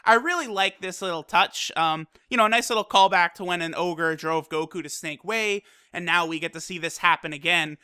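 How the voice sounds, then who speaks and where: Hyped, profane anime episode reviewer, loose and casual, with a clear bright tone. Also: mid-range voice, fairly quick, hardly any pauses. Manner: excitable and profane, with loose fillers.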